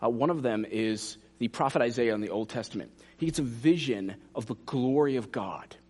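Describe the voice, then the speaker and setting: A man preaching a sermon, animated and direct, dropping to hushed asides for emphasis. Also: mid-range voice, moderate pace. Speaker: pastor.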